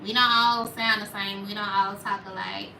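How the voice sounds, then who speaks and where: Young Memphis woman, Southern accent, small, very bright and ringing voice, casual livestream chatter heard a little off-mic in an echoey room. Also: medium pitch, little pitch movement, normal speed, vocal fry, recorded from a distance, slight background noise. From Memphis, Tennessee. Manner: chatty, reads out viewer comments. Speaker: livestream host. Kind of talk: casual livestream chat with viewers.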